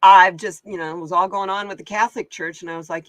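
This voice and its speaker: A woman's voice: mid-range voice, fairly even intonation, fast, few pauses, dry recording. A woman from Oregon hosting a live card-reading stream in casual chat. She talks in a chatty, exclamatory way and laughs often. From Oregon, USA. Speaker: host and card reader.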